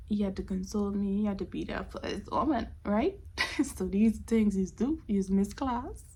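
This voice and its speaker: Gravelly-voiced young woman telling a story. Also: mid-range voice, moderate pace, slight background noise. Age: 20s. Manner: expressive, often dropping to a whisper. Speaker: storytime vlogger. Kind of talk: casual storytelling.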